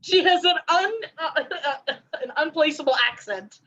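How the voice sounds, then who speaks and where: High, giggly American woman on a video call. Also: expressive, moderate pace, a bit bright, highs cut off. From United States. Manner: giggly, stumbles over words. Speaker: party guest. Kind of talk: casual chat.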